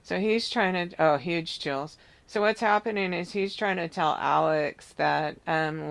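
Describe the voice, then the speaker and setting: Psychic reader, slow and halting, gravelly yet smooth tone, searching for words mid-vision. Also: medium pitch. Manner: halting, searching, many restarts. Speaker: psychic medium. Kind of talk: psychic reading, describing visions.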